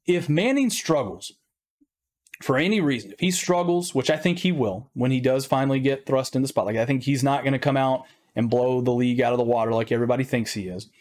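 A man's voice: medium pitch, fairly quick, a little mellow. A man hosting a sports channel, giving emphatic, casual football commentary and tagging his points with "right?". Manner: emphatic, peppers statements with "right?".

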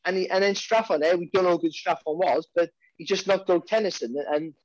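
A Welsh-accented boxing commentator chats casually on a podcast, rambling with many restarts and repeated words. His voice is high with fairly even intonation, a little fast, and the sound is lo-fi.

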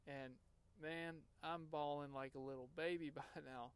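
Earnest man with a gravelly, smooth voice. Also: on the high side, steady tone. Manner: earnest, emotional, halting with restarts. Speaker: podcast host. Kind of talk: personal story, casual monologue.

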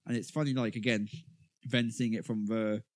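A man's voice: fairly low pitch, little pitch movement, moderate pace, a little mellow, no echo. A man co-hosting a podcast, chatting about a film with wry, dry jokes. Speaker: podcast co-host. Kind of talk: casual film review chat.

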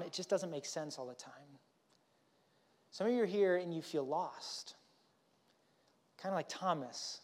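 A man preaching a sermon as pastor, in a conversational and animated way that keeps checking in with the congregation. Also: high-pitched, a little slow, pauses often. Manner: conversational, animated, often asks "right?". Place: church.

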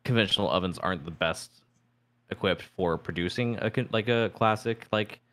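A man in a casual podcast debate hedges his points, padding them with likes and you-knows. His voice is very low. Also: normal speed, a bit bright. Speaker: podcast co-host.

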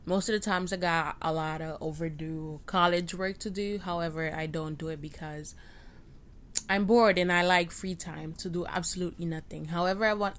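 Recording at home through an inexpensive USB microphone, a young woman talks alone on her podcast in a rambling, self-deprecating way, often starting sentences over. Her voice leans low with a slight brightness.

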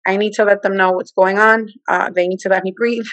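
A woman in her forties tells a personal story with lively energy. She slips into the voices of the people she quotes as she talks. Her voice sits at a middle pitch, in a dry, close recording. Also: fairly quick, dry recording, muffled recording. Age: 40s. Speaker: guest. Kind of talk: personal testimony in conversation.

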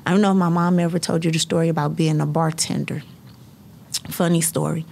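A middle-aged woman, a high school counselor, telling personal stories in an earnest, faith-filled way and breaking into laughter. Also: little pitch movement, a little fast, vocal fry, darkish tone. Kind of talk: personal storytelling in conversation.

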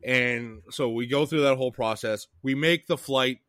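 A man's voice: mid-range voice, normal speed, a bit bright, no room sound, clean studio sound. A man from Canada co-hosting a podcast, telling a travel story in a profane, ranting way. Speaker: podcast co-host. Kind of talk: casual chat.

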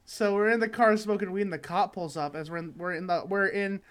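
A man's voice: high voice, steady tone, a little fast, a bit bright. A young man co-hosting a casual chat, telling rambling stories full of fillers and swearing. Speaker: podcast co-host.

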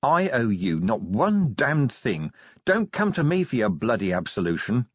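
A man voicing a gruff, angry middle-aged watch commander who is curt and sarcastic, holding his temper down. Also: medium pitch, big pitch swings, measured pace, dry recording, lo-fi sound.

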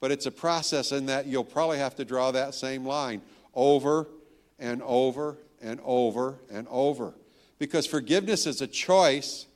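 Older pastor preaching with playful punch. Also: male voice, mid-range voice. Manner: storytelling, joking with the crowd, emphatic. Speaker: guest pastor. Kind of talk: sermon.

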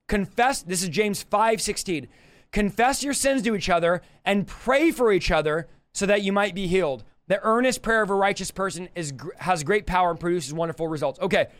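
Young adult male preacher, live teaching; smooth, high-pitched, forceful and repetitive delivery. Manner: emphatic, repetitive exhortation.

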